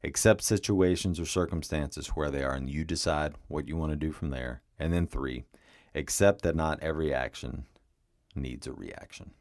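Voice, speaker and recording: A man's voice: extremely low pitch, normal speed, darkish tone, dry recording, studio quality. A man hosting a solo advice podcast, speaking earnestly and addressing the listener directly. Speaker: podcast host, relationship coach.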